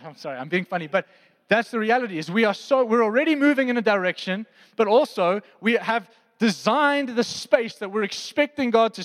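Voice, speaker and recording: Speaking in a high, fairly bright voice, a man preaches a pastoral sermon to his congregation, keeping it conversational and regularly questioning the listeners. The church auditorium setting adds long hall reverb.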